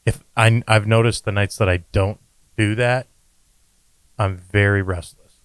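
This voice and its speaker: A man's voice: on the low side, steady tone, measured pace, smooth, no room sound, rough recording. A man chatting earnestly on a podcast, encouraging and often restarting his words. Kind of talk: casual chat.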